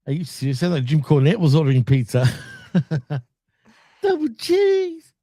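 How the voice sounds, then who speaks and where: A man co-hosts a casual wrestling podcast, recapping episodes in a laid-back style, laughing often and swearing freely. His voice is warm and medium-pitched at a normal speed, in clean studio sound with no echo.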